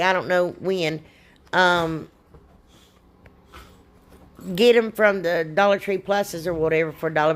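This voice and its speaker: A middle-aged woman talks through her crafts in a chatty voice-over. She rambles and drifts off topic with a folksy warmth of phrase, and keeps saying "y'all" to her viewers. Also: mid-range voice. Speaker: DIY crafts channel host.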